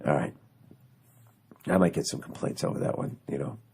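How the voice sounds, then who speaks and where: A man's voice: normal speed, darkish tone. A man hosting a podcast, delivering a profane, sarcastic comedic rant that rambles through restarts and asides. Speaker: podcast host.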